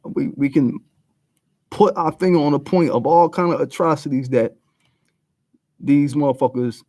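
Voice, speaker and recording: A man's voice: on the high side, normal speed, a little mellow, no echo. A man giving a blunt, profane commentary rant full of street slang. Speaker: video commentator.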